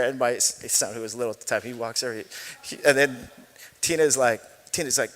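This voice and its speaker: A man's voice: medium pitch, a little fast, a bit bright. A man in his forties preaching a sermon as pastor, chatty and self-deprecating, telling stories with laughs. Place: church sanctuary. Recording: long hall reverb.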